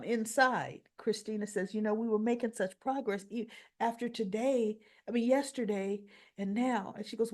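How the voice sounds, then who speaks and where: A woman with a slow, unhurried delivery recaps a soap opera episode in a casual vlog. She acts out the characters' lines and breaks in with her own pointed commentary. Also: mid-range voice. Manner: animated retelling, acts out lines and scolds characters.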